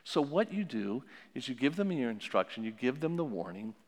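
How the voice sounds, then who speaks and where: A man teaching about parenting in a sermon style, telling stories in an animated way and repeating his key phrases. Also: mid-range voice, moderate pace. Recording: long hall reverb.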